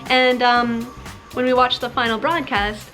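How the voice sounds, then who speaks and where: A woman's voice: fairly high pitch, steady tone, measured pace, sharp tone, soft background music. A young woman speaking candidly to camera in a casual vlog, with a frank, conversational manner and frequent "like" fillers. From Canada. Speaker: YouTuber.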